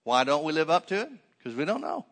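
A man's voice: on the high side, very animated, fast, fairly bright tone, big-room sound. A man preaching a conversational sermon, telling a story with many fillers and restarts.

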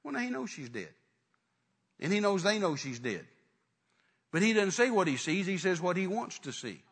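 A man preaching a sermon, retelling a story dramatically with acted-out voices and sudden loud rises. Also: high voice, very animated, normal speed, husky.

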